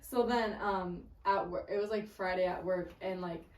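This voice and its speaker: A woman's voice: fairly low pitch, steady tone, moderate pace. A young woman in her twenties co-hosting a podcast, chatting casually, laughing often and saying "like" a lot. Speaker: podcast co-host. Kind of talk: casual chat. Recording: roomy echo, voice a bit distant, faint noise.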